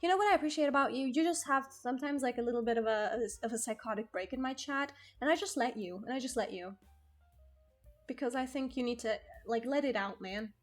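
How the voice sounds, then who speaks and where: A woman's voice: fairly high pitch, brisk, soft background music. A young woman streaming from home, chatting casually, laughing often and swearing freely. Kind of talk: casual chat.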